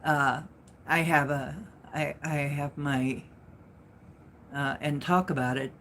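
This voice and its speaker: A woman hosts a live stream and talks slowly and casually to her viewers. She rambles and restarts, tacking asides onto her story. Her voice sits on the low side, and she takes her time. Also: steady tone, a bit bright, slight background noise. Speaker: livestream host and spiritual speaker.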